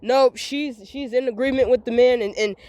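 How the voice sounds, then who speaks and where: A woman's voice: fairly high pitch, normal speed, a little mellow, no echo. A woman, venting in a rambling, repetitive, emphatic monologue recorded as a voice memo. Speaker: vlogger.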